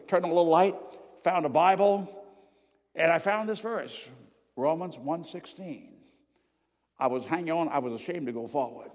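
An older man preaching a sermon in a church and telling his testimony dramatically. He swings from loud exclamations to hushed prayer. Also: a little high. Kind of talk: evening sermon with personal testimony. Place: church sanctuary before a congregation. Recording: long reverb of a large hall.

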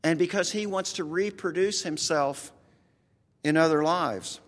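A man's voice: on the high side, unhurried, in a large hall. A man with a rural American accent preaching a conversational sermon, earnest and folksy, talking straight to his congregation.

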